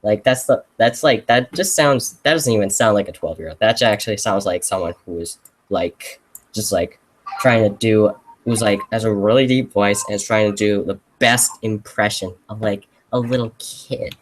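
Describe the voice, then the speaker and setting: A man's voice: fairly low pitch, noisy background. Brief: teenage male streamer, casual and meandering, full of "like" and restarts. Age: teens. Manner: rambling, halting, lots of fillers. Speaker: YouTuber hosting a live Q&A. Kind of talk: casual live-stream chat.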